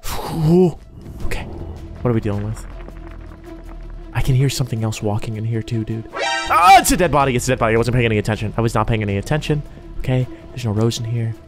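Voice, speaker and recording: A man's voice: mid-range voice, steady tone, quick pace, faint music behind. A man giving live gameplay commentary, jittery and talking himself through each scare. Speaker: gaming YouTuber.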